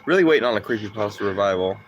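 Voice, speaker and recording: A man's voice: lowish voice, animated, racing, background noise. A man chatting casually on a livestream, rambling and swearing, full of fillers and laughing asides.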